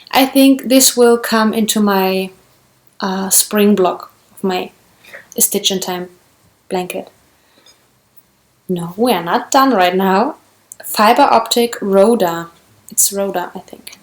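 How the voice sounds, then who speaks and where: A German woman with a German accent, chatting casually in English on her knitting vlog, gushing over yarn and restarting often. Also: medium pitch. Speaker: knitting vlogger. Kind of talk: casual show-and-tell.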